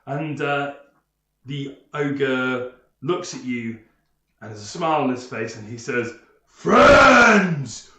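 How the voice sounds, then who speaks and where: A man narrating as game master, unhurried, with many fillers and pauses. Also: mid-range voice, steady tone, echoey room, slight background noise.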